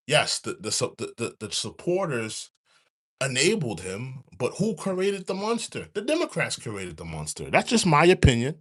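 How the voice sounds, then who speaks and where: A man with hosts a casual commentary stream. He talks in a high, lively voice that jumps around in pitch, circling back to the same points over and over. His delivery is loose and animated, like a live rant to his chat. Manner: animated, repetitive, rants and mock-sings. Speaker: commentary show host.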